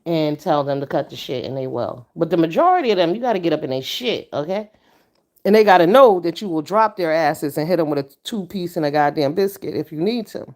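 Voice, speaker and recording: Blunt, profane woman chatting to her stream. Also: fairly quick. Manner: blunt, profane and stern, with animated pitch jumps. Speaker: livestream host. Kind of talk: casual livestream chat with viewers.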